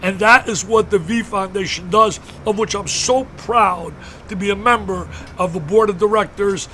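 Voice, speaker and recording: High, bright-voiced older man telling a story with fervor. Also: normal speed, a little hiss or hum. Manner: fervent, repetitive, emphatic storyteller. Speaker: interview guest, basketball broadcaster. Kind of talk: emotional storytelling in a radio interview.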